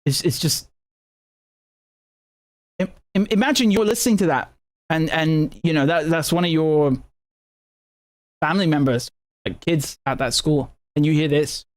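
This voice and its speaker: A man hosting live news commentary, his voice sitting a touch high. He speaks indignantly, stumbling over repeated words and tossing out rhetorical questions as he goes. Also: measured pace, long pauses. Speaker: political commentator and host.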